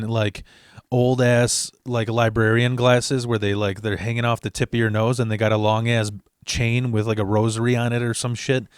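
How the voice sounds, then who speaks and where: In a dry, studio-quality recording, a young man with a mid-range voice tells a personal story in a casual way. He's animated and swears freely, imitating the voices of people he quotes.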